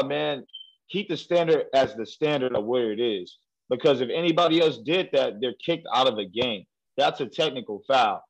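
A man co-hosting a casual sports podcast, animated and ranting, quick to laugh. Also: medium pitch, poor audio. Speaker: podcast co-host.

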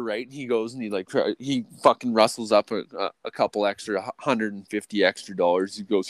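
A man's voice: steady tone, brisk, few pauses, dry recording. A man co-hosting a podcast, telling a long story in casual chat, swearing constantly, restarting sentences and tagging lines with "or whatever, right?". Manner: profane, rambling, full of restarts and "or whatever, right"; jumps to a much higher, louder voice when quoting people. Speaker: podcast co-host.

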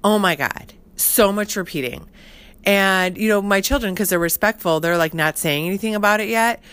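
A woman's voice: mid-range voice, normal speed, fairly bright tone, clean tone, dry recording. A middle-aged woman telling a rambling personal story in casual chat, full of "like" and "you know". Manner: chatty, heavy use of fillers like "like" and "you know". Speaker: podcast host.

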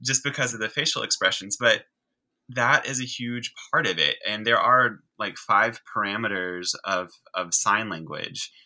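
Man, low voice, very bright and sharp tone, enthusiastic chatty explainer, podcast guest. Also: moderate pace, low-quality recording. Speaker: guest, sign language teacher. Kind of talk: conversational explaining.

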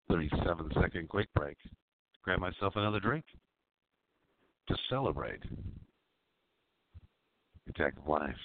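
Deep-voiced man hosting a raunchy show. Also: expressive, unhurried, long pauses, dry recording. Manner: crude, mock-seductive, rambling. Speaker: radio show host. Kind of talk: raunchy comedy talk show. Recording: dry tinny phone-like sound.

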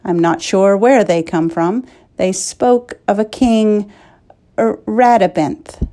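Woman doing a sheepish palace guard, cautious, dutiful, slow, mellow, storybook. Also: mid-range voice, close to an everyday voice.

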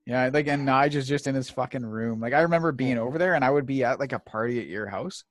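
A man telling stories in casual chat, animated and swearing, acting out quotes. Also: medium pitch, fast talker, no room sound, studio quality. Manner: animated, swearing storyteller who acts out quotes.

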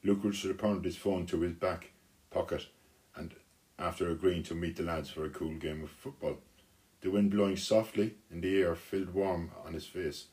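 Man, storyteller, children's story read aloud, very low pitch, unhurried, small restarts. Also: darkish tone.

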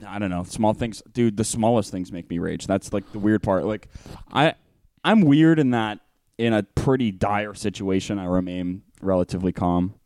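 Young dude cohosting a podcast, chill and sweary, dry close mic. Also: male voice, on the low side, moderate pace, darkish tone, no room sound. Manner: laid-back, swears a lot, trails off and restarts. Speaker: podcast co-host. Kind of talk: casual chat.

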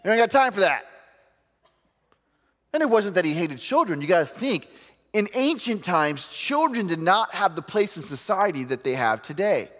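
A man's voice: high-pitched, sing-song, normal speed, a bit bright, big-room sound. A man preaching a sermon, telling stories with humor and acting out quoted voices.

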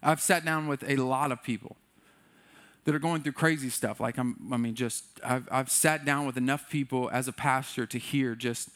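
A man with a medium-pitched voice preaches a sermon as a pastor at a moderate pace. He is candid and self-deprecating, moving between lively bursts and quiet, earnest passages.

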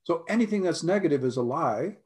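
An American man, a life coach, talking earnestly in a conversation, often clearing his throat and repeating his points. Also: a little high, expressive, a little fast, darkish tone.

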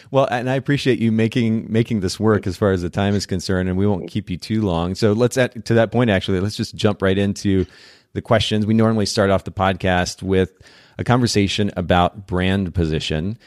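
A man's voice: on the low side, fairly quick, a little mellow, no room sound, studio quality. A man hosting a podcast interview, chatting in a friendly way with frequent restarts. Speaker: podcast host.

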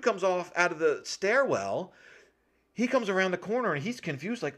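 A man's voice: high voice, sing-song, measured pace, a bit bright. A man co-hosting a casual chat, retelling a film's plot with lots of swearing and acted-out quotes. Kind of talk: casual movie recap chat.

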